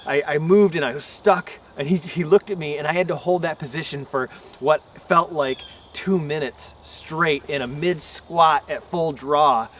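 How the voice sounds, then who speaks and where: A man's voice: fairly high pitch, unhurried, hardly any pauses, fairly bright tone, slight background noise. A man hosting a bowhunting vlog outdoors, explaining in a folksy, rambling way. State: out of breath after running. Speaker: bowhunting channel host. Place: outdoors at an archery range.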